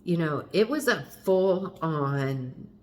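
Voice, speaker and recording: A woman's voice: sits low, lively intonation, slow, a little mellow, a little hiss or hum. A middle-aged woman speaking candidly to the camera as a mother, frank and confessional, with wry asides and the odd mild curse. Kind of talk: candid personal vlog.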